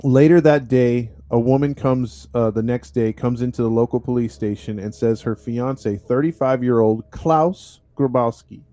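A man's voice: medium pitch, steady tone, moderate pace, few pauses, dark tone. A man, a podcast host, telling a true-crime story in a casual, chatty way, with lots of fillers and restarts. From United States.

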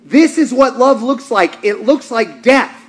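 Male pastor, high voice, animated sermon delivery that jumps from shouting to near-hush, preached in a church. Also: unhurried. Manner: animated, swings between shouting and hushed.

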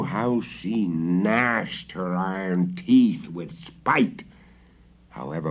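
A man narrates a fairy tale slowly and expressively, in a low, husky voice. His pitch swings widely from line to line. The recording sounds dull and lo-fi. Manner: expressive, dramatic reading. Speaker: storyteller. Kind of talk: storybook narration.

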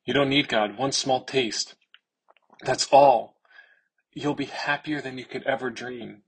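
Sly storybook serpent, coaxing and soft, husky with a gravelly edge, read out by a man. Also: medium pitch, fairly even intonation, measured pace.

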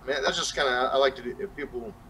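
A man's voice: mid-range voice, rapid-fire, bright, forceful tone, slight background noise, poor audio. A young man with a Southern accent, chatting casually as a podcast guest and rambling with lots of fillers and restarts. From New Mexico. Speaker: guest rapper.

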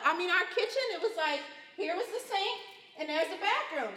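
Woman preacher, high bright voice, emotional testimony, recorded in a reverberant hall. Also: expressive, moderate pace, soft background music. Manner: emotional testimony, swells loud and high at key points. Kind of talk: sermon. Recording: echoey hall.

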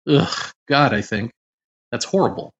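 A man narrating his own memoir in first person, measured and dramatic, turning frantic at the tense moments. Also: medium pitch, lively intonation. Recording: muffled lo-fi recording.

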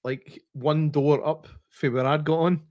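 A man's voice: fairly high pitch, steady tone, a little slow, a little mellow, dry recording, highs cut off. A man co-hosting a casual chat, bantering, laughing and swearing. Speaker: podcast co-host.

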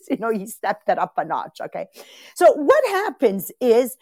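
A middle-aged woman from Italy gives an animated motivational talk. Her voice sits fairly high. The sound is dry and close, and she keeps calling out to her listeners by name as she tells her stories. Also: moderate pace, dry recording. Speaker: podcast host and sales team leader. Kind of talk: motivational live podcast talk.

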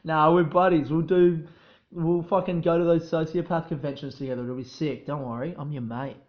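A young Australian man talks through a solo podcast in a loose, profane, self-deprecating ramble, forever drifting off into tangents. His voice sits a little high for a man. The recording sounds roomy and slightly dull. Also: fairly even intonation, moderate pace. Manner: rambling, profane, self-mocking, easily sidetracked. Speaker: podcast host. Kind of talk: casual solo podcast chat.

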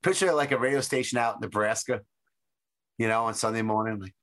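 Animated man telling funny stories. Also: medium pitch, fast talker. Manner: animated storytelling, acts out quotes. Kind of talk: casual chat.

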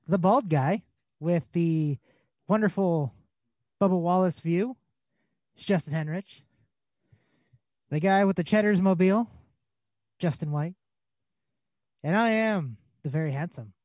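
A man's voice: sits high, darkish tone, no echo. A man co-hosting a racing podcast, joking about himself while he welcomes listeners. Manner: jokey, self-deprecating. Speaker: podcast co-host. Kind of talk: casual racing podcast chat.

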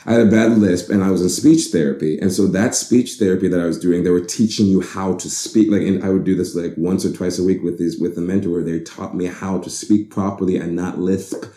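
A man's voice: sits low, steady tone, fairly quick, hardly any pauses, dark tone. A young man from the Bahamas in casual conversation, talking reflectively and rambling with frequent restarts. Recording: roomy echo.

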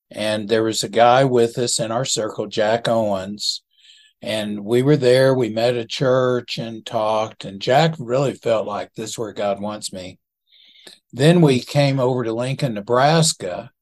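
Older man in his 70s, slow and chuckling, retelling old days as an interview guest. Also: mid-range voice. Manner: unhurried, chuckling, self-deprecating. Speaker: ministry founder as guest. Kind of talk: reminiscing storytelling in an interview.

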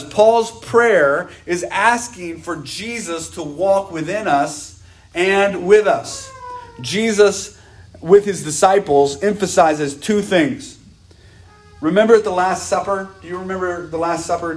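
A pastor delivers a sermon in a fairly high-pitched voice. He repeats key phrases for emphasis and draws out quoted scripture slowly. He puts questions to the congregation as he goes.

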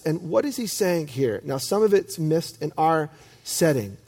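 A man preaching a sermon as pastor, telling stories with self-deprecating humor and lively emphasis. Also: sits high, moderate pace.

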